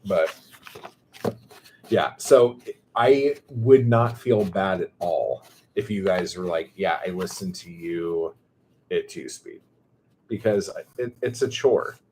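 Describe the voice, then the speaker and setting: A man with a low, deep voice and a drawling Californian surfer-dude accent chats on a casual livestream. He stretches his words out, rambles and swears freely while reading chat aloud. A faint noise sits behind his voice. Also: expressive, takes it slowly, pauses often, darkish tone.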